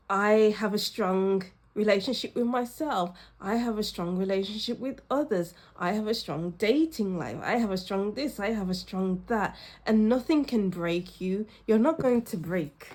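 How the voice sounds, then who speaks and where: Giggly woman giving an excited tarot reading. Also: mid-range voice. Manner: giggly, exclamatory, frequent bursts of laughter. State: a little ill and tired. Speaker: tarot reader. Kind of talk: intuitive tarot reading to camera.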